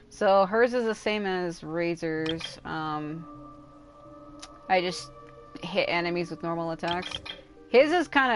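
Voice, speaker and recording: A woman streaming a video game, rambling and exasperated as she comments, swearing often. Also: on the low side. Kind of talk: casual live gameplay commentary.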